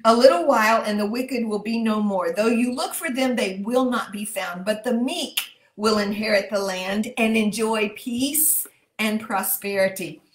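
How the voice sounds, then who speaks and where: A woman with a Texan accent leading a livestreamed prayer, reading scripture fervently and slowing down to repeat key phrases. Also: medium pitch. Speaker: prayer leader. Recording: echoey room.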